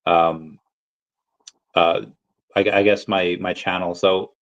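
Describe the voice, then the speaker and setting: Rambling male host, low voice, casual chat, dull lo-fi recording. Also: level tone, takes it slowly. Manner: rambling, repeats words often. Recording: dull lo-fi sound.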